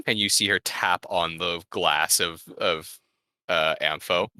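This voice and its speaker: A man narrating as game master of a tabletop game, slow and full of ums. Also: deep voice, steady tone, sharp tone, clean tone, dry recording.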